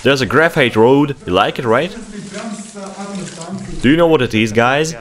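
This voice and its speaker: A man hosting a vlog, giving excited running commentary as he explores an abandoned underground laboratory, exclaiming and urging others along. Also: medium pitch, unhurried, a crowd in the background. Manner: exclamatory, urgent, bossy when hurrying others.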